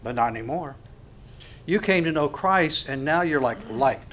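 A man preaching a sermon, swinging from hushed to loud and asking the congregation rhetorical questions. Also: on the high side, animated, moderate pace, a little hiss or hum. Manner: acts out quoted voices. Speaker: pastor.

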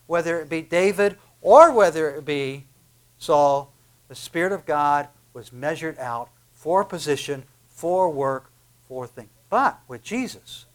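A male pastor preaching a sermon, swinging from loud emphatic peaks to hushed, quiet asides. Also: a little high.

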